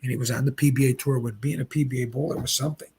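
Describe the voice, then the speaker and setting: A man in his seventies from Pennsylvania, a retired bowler and guest, telling rambling, animated anecdotes in casual chat. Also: mid-range voice, racing, breathy edge. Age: 70s. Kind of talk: casual storytelling.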